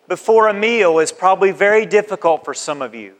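A man's voice: high voice, expressive, fairly quick, hardly any pauses. A man preaching a sermon, exhorting his listeners with repeated calls and acting out everyday conversations. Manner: exhorting, repetitive, acts out conversations. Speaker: pastor. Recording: long hall reverb.

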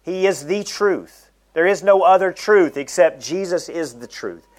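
Emphatic male preacher, slightly high voice. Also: expressive. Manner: emphatic, slows down to stress key phrases. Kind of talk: sermon.

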